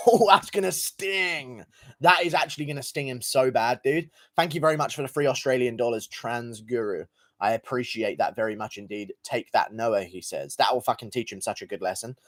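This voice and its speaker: A man's voice: mid-range voice, fairly quick. A young man livestreaming, reading out donations in crude, profane, mocking banter. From England. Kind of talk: casual live-stream chat.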